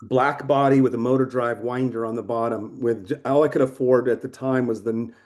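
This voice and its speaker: Animated storyteller man in his sixties. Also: mid-range voice, brisk. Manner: animated, swearing storyteller who acts out quotes. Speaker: photographer guest. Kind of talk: casual interview storytelling.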